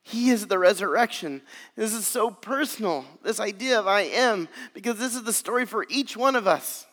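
High-voiced male pastor preaching in a hall. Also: lively intonation, moderate pace. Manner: earnest preaching, swelling louder on key phrases. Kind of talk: sermon.

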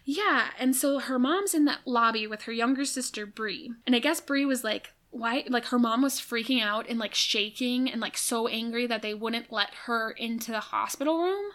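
A woman's voice: on the high side, normal speed, few pauses, fairly bright tone. A young woman, a podcast co-host, casually retelling a true-crime story with lots of "like" fillers. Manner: chatty, frequent "like" fillers, retells quotes.

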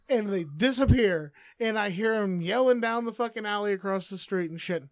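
A man's voice: high-pitched, moderate pace, few pauses, dry recording, clean studio sound. A man telling a long, profane neighborhood story as a podcast co-host in casual chat.

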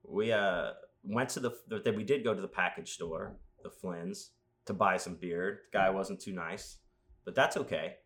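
A man with a somewhat low voice hosts a casual podcast. He rambles through anecdotes, tossing in crude jokes and animated asides. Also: a little slow. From Las Vegas. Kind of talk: casual chat.

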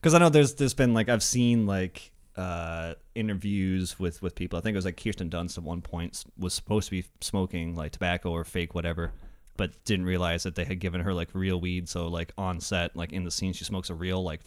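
A man's voice: deep voice, fairly even intonation, fairly quick. A man hosting a casual movie podcast, telling stories in a rambling way, with lots of fillers and laughter. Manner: rambling, laughs often, filler-heavy storytelling. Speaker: podcast host.

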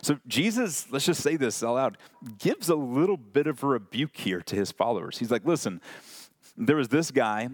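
A man preaching a casual, conversational sermon, animated and full of fillers. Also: mid-range voice, normal speed, no echo, clean studio sound. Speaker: pastor.

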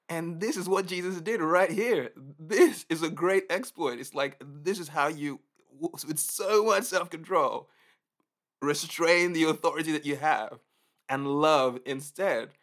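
A man preaching a casual, conversational sermon in an animated way, often acting out reactions. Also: fairly high pitch, a little slow.

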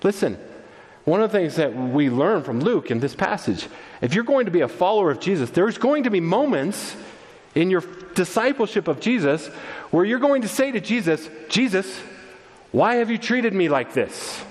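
A man delivering a sermon with a lively, expressive pitch that leaps around as he acts out the people in the story. His voice sits a bit high for a man. The sound carries a long echo, as if captured in a large sanctuary. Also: moderate pace. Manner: animated, acts out quoted voices. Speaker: pastor.

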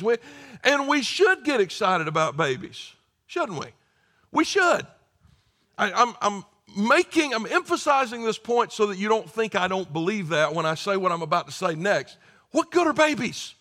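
A man's voice: high-pitched, bright, forceful tone. A middle-aged man preaching a sermon to his congregation, emphatic and conversational with bits of humor. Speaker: pastor.

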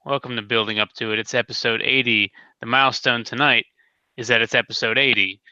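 A man's voice: medium pitch, steady tone, fairly quick, sharp tone, no room sound, muffled recording. A man hosting a casual podcast, joking and self-deprecating, talking into a headset. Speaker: podcast host.

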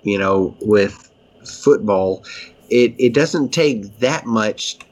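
A man's voice: fairly low pitch, takes it slowly. A man co-hosting a podcast, chatting casually in a rambling, enthusiastic way with frequent restarts. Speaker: podcast co-host. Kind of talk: casual chat.

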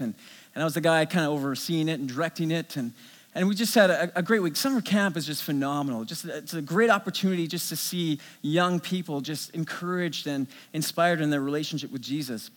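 A middle-aged male pastor preaches in a high, lively voice, telling a story and stumbling over restarts as he builds it up. His words ring out with a long reverb from a large hall. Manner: storytelling, animated, many restarts. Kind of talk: sermon.

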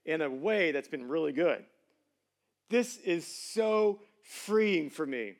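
A middle-aged pastor preaching a sermon in a casual, conversational way, with slangy fillers. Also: male voice, fairly high pitch, lively intonation, slow.

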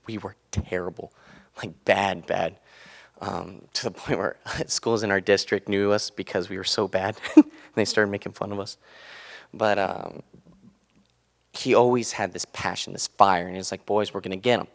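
A man's voice: sits low, steady tone, measured pace, gravelly. A young man in his twenties giving an earnest, casual sermon talk, loose and full of fillers. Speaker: student speaker giving a devotional.

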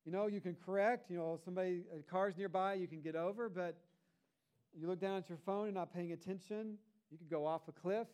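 A man's voice: sits high, fairly even intonation, fairly quick, darkish tone, smooth. A man, a pastor, preaching a sermon in a conversational way, with rhetorical asides to the congregation.

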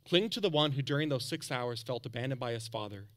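A man preaching a sermon as pastor, animated, calling out to the congregation for responses, then dropping soft for encouragement. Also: quick pace. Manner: drops to a soft, low tone for quiet encouragement.

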